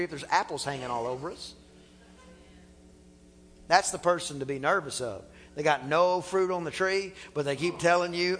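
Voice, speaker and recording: A male pastor preaching a sermon in a church, animated and playful, acting out little dialogues as he talks. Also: sits high, normal speed, long reverb tail, soft background music. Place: church sanctuary.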